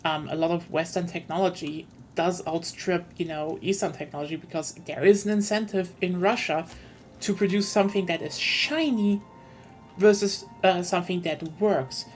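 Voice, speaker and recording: A woman with a fairly low, darkish voice streams a strategy game at normal speed. She chats casually, thinking aloud and explaining things at length in long, winding turns.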